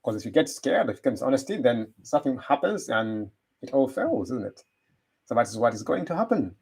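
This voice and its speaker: A man's voice: mid-range voice, very animated, brisk, gravelly, a little mellow, breathy edge. A man giving a rambling motivational talk, full of rhetorical questions. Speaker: motivational speaker. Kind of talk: motivational monologue.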